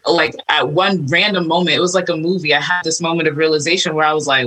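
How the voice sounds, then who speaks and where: A woman with a low, husky voice and a bright, forward edge to her tone. She tells her faith testimony as a guest in loose, animated conversation, full of fillers and quick asides. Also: poor audio. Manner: animated storytelling with many fillers. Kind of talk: casual faith-based chat.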